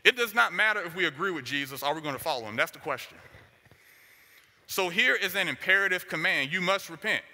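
A man's voice: high-pitched, expressive, fairly quick, pushed and bright. A man preaching a sermon, driving his points home with short, repeated declarations. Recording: long hall reverb.

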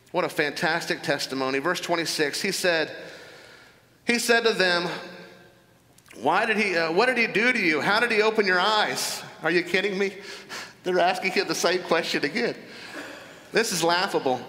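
A man preaching a sermon, working through scripture verse by verse with emphatic asides. His voice sits high and has a bright, forceful edge. The sound carries a long hall reverb. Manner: expository preaching, reading scripture aloud with emphatic commentary. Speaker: pastor.

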